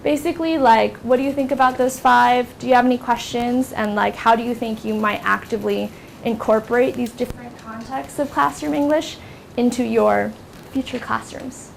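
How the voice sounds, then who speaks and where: In a university classroom, a young adult woman from the United States teaches a workshop, her casual delivery heavy with fillers like um and like. She speaks at a moderate pace in a steady, slightly high, creaky voice. A faint hiss or hum runs under the recording.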